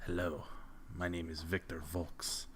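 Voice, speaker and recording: A man voicing a sultry Eastern European suitor with a fake Russian accent and a low, slow delivery. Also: little pitch movement, a little hiss or hum.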